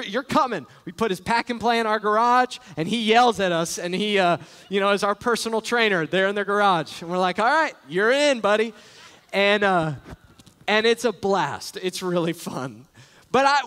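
A male pastor in his thirties preaches in a relaxed, conversational way. He tells stories with animated, acted-out asides. His voice sits high, and the live recording carries the long reverb of a church hall. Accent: Texan. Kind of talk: sermon. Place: church sanctuary.

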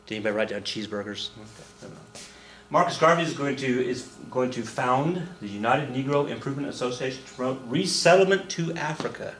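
A man's voice: medium pitch, quick pace, roomy sound, a little hiss or hum. A man teaching a recorded history lesson, joking and acting out little voices as he explains. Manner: animated, jokey, acts out voices and counts dance steps. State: out of breath. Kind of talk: recorded classroom lecture.

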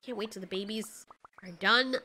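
A woman commentating live as she plays a video game, reacting loudly and swearing at the game in exasperation. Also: mid-range voice, moderate pace. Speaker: gaming channel host.

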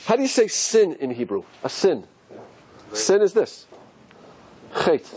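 A man's voice: high voice, sing-song, measured pace, darkish tone, a little hiss or hum. A man teaching as a rabbi, asking rhetorical questions and musing aloud as he explains letters on a board. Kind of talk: teaching lecture.

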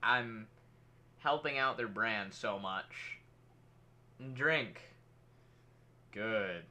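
A man's voice: fairly low pitch, drawn-out words, bright, forceful tone, heavily acted. A man voicing a chatty, grumpy male gnome bard who rambles in character with a shifting put-on accent while playing a video game. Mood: grumbling. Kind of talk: role-play commentary over a video game. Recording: clear background noise.

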